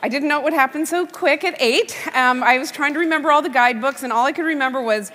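A woman comedian telling a story on stage in a deadpan storytelling manner, acting out her daughter's questions. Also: high voice, fast, hardly any pauses, slight background noise. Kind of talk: storytelling stand-up talk on stage. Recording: long hall reverb from stage.

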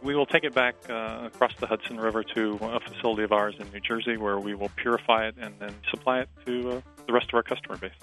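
A man from a company explaining a process plainly, pausing with fillers. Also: lowish voice, steady tone, a bit bright, soft background music. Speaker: interviewee, company representative. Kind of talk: interview clip.

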